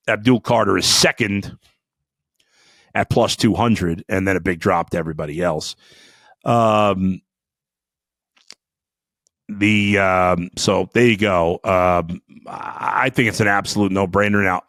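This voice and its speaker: A man hosting a sports podcast, ranting angrily and swearing, with outbursts that drop to low muttering. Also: no room sound, clean studio sound. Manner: fiery, profane, swings between shouting and muttering. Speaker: sports talk podcast host. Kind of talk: angry sports rant.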